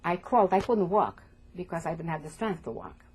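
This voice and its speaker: An older woman from Poland giving oral history testimony as an interviewee, speaking haltingly and repeating words as she goes. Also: fairly low pitch, sing-song. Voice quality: gravelly, husky.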